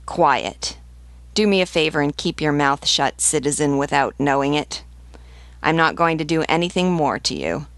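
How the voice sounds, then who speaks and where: A woman's voice: low voice, animated, moderate pace, no echo. A woman reading the lines of a brash, mocking wounded soldier in a taunting, scornful manner. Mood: grumbling.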